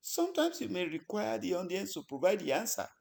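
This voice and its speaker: A man teaching public speaking in a lecture, talking deliberately with many pauses between short phrases. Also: sits high, very animated, gravelly.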